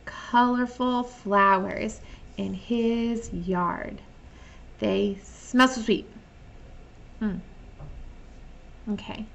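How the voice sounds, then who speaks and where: Woman, online teacher for young kids, slightly creaky, patient think-aloud delivery. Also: mid-range voice. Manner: patient, modeling her own thinking aloud; reads sample sentences slowly and clearly. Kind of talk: online lesson for young children.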